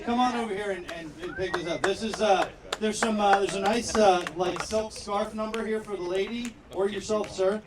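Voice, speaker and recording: A man's voice: high-pitched, fairly even intonation, normal speed, few pauses, background noise. A man emceeing an outdoor backyard comedy show, doing loose crowd work full of fillers. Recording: echoey, distant, loud crowd. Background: loud crowd.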